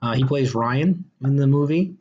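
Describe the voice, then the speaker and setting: A man's voice: mid-range voice, normal speed, a little mellow. A man hosting a casual podcast chat reviewing a movie, enthusiastic and rambling, with many fillers and restarts. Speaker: podcast host. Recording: dull lo-fi sound.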